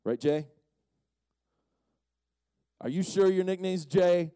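A man delivers a conference sermon in a relaxed, playful style, poking fun at his audience between points. His voice sits a little high yet sounds mellow. The sound is close and dry. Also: takes it slowly, clear, resonant tone, no echo. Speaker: youth conference speaker. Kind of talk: casual joking sermon.

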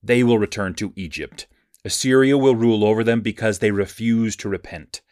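A man's voice: on the low side, dry recording. Man reading scripture in a dry, close voice. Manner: measured, even reading cadence. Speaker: scripture reader.

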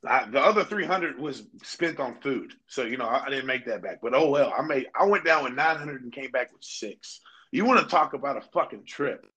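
A man's voice: mid-range voice, lively intonation, a little fast, sharp tone, husky. A young man co-hosting a podcast, telling rambling, profanity-laced stories in casual chat. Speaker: podcast co-host.

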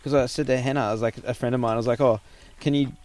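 An Australian man in his thirties telling a story in relaxed conversation. He swears freely and slips into the voices of the people he talks about. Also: medium pitch, rapid-fire. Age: 30s. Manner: animated, swears freely, acts out quoted voices. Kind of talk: casual storytelling chat.

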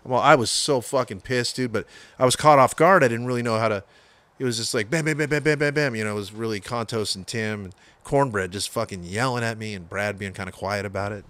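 Guest: man, Bay Area metal guitarist, low voice, swears a lot, acts out quotes as he tells the story, dry room sound. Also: steady tone, brisk, a bit bright, no echo. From San Francisco Bay Area. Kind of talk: casual storytelling interview.

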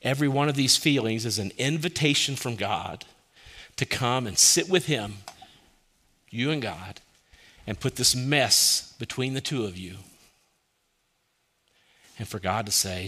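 Male pastor delivering a sermon; bright, forward tone, mid pitch, heavy use of rhetorical questions and hushed quotes. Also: expressive, unhurried, pauses often. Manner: asks many rhetorical questions, drops soft and quiet for quoted lines.

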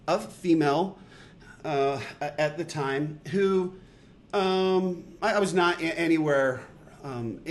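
Man, middle-aged, podcast host, casual storytelling, rambling, self-deprecating, higher voice. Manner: rambling, self-deprecating, lots of restarts and fillers.

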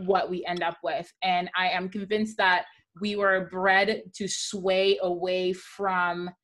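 A woman's voice: fairly low pitch, takes it slowly. Candid young woman from Gabon. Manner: candid, lively storyteller. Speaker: panelist. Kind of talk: casual panel discussion.

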